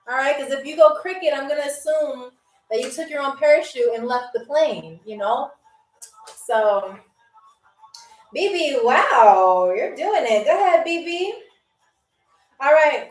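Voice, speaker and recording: High-voiced playful woman hosting a stream. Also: echoey room, far from the mic, poor audio. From New York. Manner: playful, chatty, reads out viewer comments. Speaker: game show host. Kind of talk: live-stream game show hosting.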